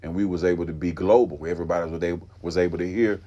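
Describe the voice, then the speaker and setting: A fairly low-pitched man from Atlanta talks easily in an interview. His delivery is loose and relaxed, with plenty of fillers. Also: racing, muffled recording. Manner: laid-back, full of fillers and restarts. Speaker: group member being interviewed. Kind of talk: casual interview talk.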